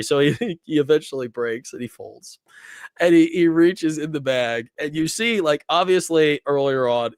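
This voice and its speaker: A man's voice: on the high side, smooth, no room sound. Rambling young man, dry close sound. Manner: rambling retelling with frequent fillers and laughs. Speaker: host. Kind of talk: casual review chat.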